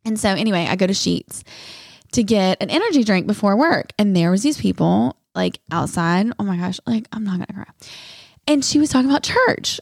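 Young female co-host, casual rambling chat, animated voice, dry close sound. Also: medium pitch, brisk, creaky, slightly rough, dry recording. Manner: rambling, lots of "like", emotional, near tears. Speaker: podcast co-host.

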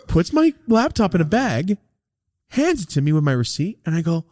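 A man's voice: on the high side, moderate pace, no room sound. A man casually telling a rambling, profane story as a podcast host, acting out the quotes. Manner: profane, rambling, animated retelling with acted-out quotes.

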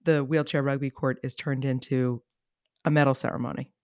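Wry, animated podcast co-host. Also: medium pitch, fairly quick, dry recording, studio quality. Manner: wry, animated, exaggerating for comic effect. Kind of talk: casual chat.

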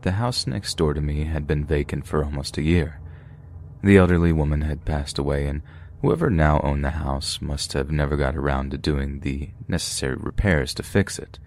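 A man narrating true scary stories for a podcast in a steady, measured way. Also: a bass voice, slight background noise.

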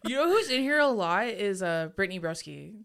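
A young woman co-hosting a casual podcast, animated and giggly as she reads out listener picks. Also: medium pitch, fairly quick, creaky. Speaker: podcast co-host. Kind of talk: casual chat.

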